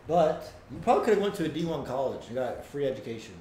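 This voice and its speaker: A man's voice: mid-range voice, big pitch swings, fast, mellow. Male host, blunt teasing banter, noisy echoey room. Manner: teasing, blunt, swears freely. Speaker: streamer host. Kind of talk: casual chat. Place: house room. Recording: echoey room with background noise.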